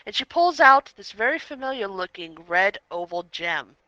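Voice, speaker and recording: A woman co-hosting a podcast in casual review chat, animatedly recapping the plot with quick interjections. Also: mid-range voice, sing-song, highs cut off, crowd noise. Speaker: podcast co-host.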